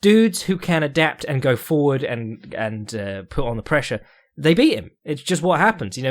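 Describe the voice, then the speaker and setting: A man hosting a podcast, breaking down fights in a rambling, casual way with sweary jokes and chuckles. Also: on the high side. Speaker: podcast host.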